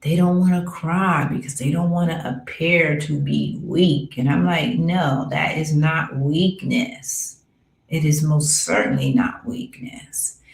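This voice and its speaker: A woman giving a slow, affirming spiritual talk, with soft murmured asides. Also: low-pitched, gravelly, reverberant, low-quality recording. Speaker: spiritual coach.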